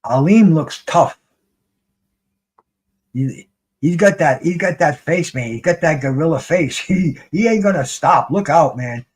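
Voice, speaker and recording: A man casually commenting on a live boxing fight as a streamer, rambling and excitable, swearing freely and restarting his sentences. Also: fairly high pitch, a little slow, breathy edge.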